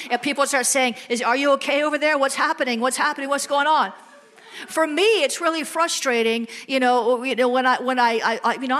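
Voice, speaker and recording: A woman preacher delivering an animated sermon full of playful storytelling. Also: high voice.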